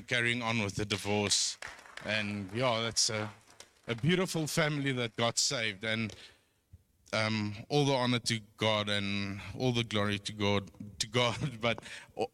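A middle-aged man sharing an earnest personal church testimony, halting with restarts. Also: on the low side, bright, forceful tone, clean tone, dry recording.

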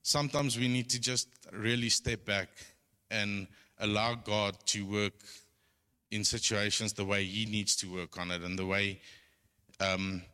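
A middle-aged man sharing an earnest personal church testimony, halting with restarts. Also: lowish voice, steady tone, sharp tone, clear, resonant tone, no echo, studio quality.

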